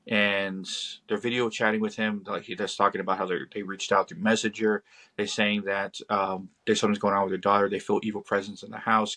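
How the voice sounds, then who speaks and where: On a podcast, a male guest with a lowish, slightly bright voice casually recounts an encounter. He tells it vividly in the second person and acts out frightened voices.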